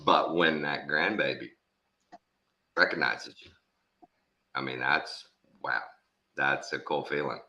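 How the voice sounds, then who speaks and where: A man's voice: a bass voice, slow, vocal fry, long pauses, sharp tone. An older man with a Texan accent, casually chatting and telling stories. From Texas. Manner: storytelling, acting out voices in his anecdotes. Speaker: host. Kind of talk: casual chat.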